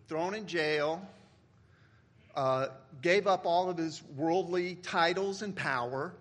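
Male pastor, 50s, sermon delivery; husky, slightly high voice, joking then hushed. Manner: humorous storytelling, swinging from loud to hushed.

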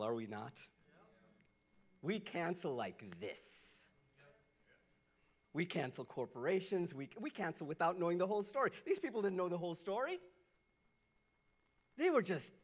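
A middle-aged man, a pastor, preaching a sermon, animated and swinging from loud bursts to hushed lows. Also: normal speed, long pauses.

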